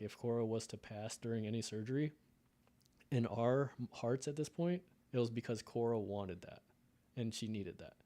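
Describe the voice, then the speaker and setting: A man's voice: fairly low pitch, dark tone. A man in his thirties from the United States, telling an emotional personal story in a casual podcast conversation. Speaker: podcast guest.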